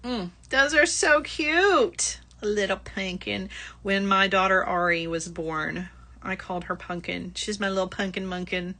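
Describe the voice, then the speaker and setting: A woman's voice: mid-range voice, unhurried, bright, forceful tone. A middle-aged woman hosting a live craft-shopping stream, chatting casually and laughing often. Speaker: livestream shopping host. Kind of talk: casual live product chat.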